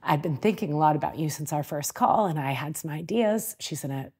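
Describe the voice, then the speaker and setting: A woman coach, a guest on a podcast, telling animated stories and laughing often. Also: sits low, brisk, slightly rough. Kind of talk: casual interview chat.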